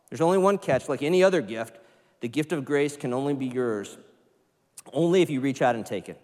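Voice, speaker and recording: A man preaching a sermon to his congregation, animated, sometimes putting on excited voices. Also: a little high, fairly quick. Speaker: pastor. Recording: church hall reverb.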